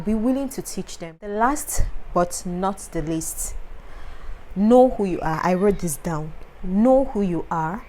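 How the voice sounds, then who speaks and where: A woman's voice: medium pitch, darkish tone, a little hiss or hum, poor audio. A young woman with a Nigerian accent, a foreign medical student speaking to camera and passionately repeating her key points of advice. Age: young adult.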